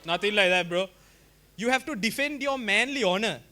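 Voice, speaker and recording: A young man tells a stand-up story in a loose, rambling, self-mocking way. His voice sits very high and sounds bright and forceful, and he keeps turning to address the crowd directly. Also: animated, normal speed. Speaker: stand-up comedian.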